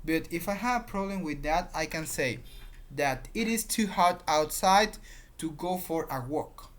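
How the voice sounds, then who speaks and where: Slow teacher. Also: medium pitch, animated. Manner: repeats patterns, explains with examples. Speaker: English teacher. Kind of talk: grammar lesson.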